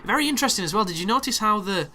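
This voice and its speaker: Sweary excitable gamer, bright tone. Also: male voice, sits high, rapid-fire, a little hiss or hum. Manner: excitable, sweary, sarcastic asides. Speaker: gaming commentator. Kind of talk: gameplay commentary.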